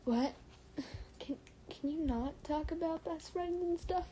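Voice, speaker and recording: Young american woman reading a story on stream, mellow voice, trips over words and giggles. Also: extremely high pitch, measured pace, a little hiss or hum, low-quality recording. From United States. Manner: stumbles over words, giggles, drops into soft whispers. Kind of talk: reading fan fiction aloud on a livestream.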